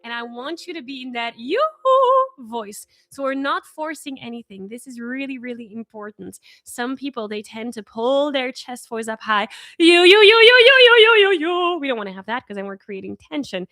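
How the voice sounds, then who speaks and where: A woman leading a live-streamed singing warm-up as a vocal coach, encouraging and upbeat, praising her viewers often. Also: on the high side, lively intonation, moderate pace, hardly any pauses, no echo, studio quality, soft background music. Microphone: in front of her own camera.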